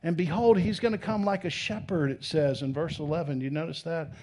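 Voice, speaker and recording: Male pastor, sermon, somewhat high voice, animated, loud bursts and quiet asides. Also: fairly quick. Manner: animated, swings between loud emphasis and soft intimate tones.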